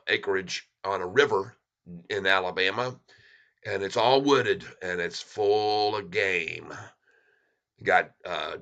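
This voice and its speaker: A man's voice: fairly low pitch, bright, forceful tone, dull audio. A man hosting his own channel, talking to viewers in a folksy, rambling, heartfelt way from his home. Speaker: channel host. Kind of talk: casual chat to viewers. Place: home in Michigan.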